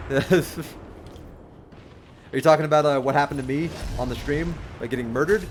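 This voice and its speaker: A man's voice: fairly high pitch, moderate pace, pauses often, slight background noise. A young man chatting casually on a game livestream, rambling and friendly as he gives dating advice to his chat. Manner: rambling and friendly, with many restarts and chuckles.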